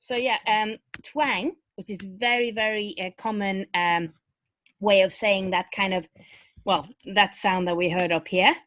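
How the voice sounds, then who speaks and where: A woman vocal coach teaches technique in a webinar with sung demonstrations, speaking loosely with lots of fillers and restarts. Her mid-range voice is steady and slightly bright, her pace a little slow, with a faint hiss or hum in the recording.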